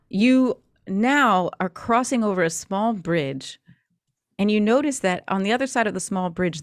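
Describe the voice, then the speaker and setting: A woman runs a tabletop horror game, painting scenes in a chatty, descriptive way and often pausing on fillers. Her voice sits a little low for a woman. It comes through dry and close, with no room sound. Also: no room sound. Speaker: game master.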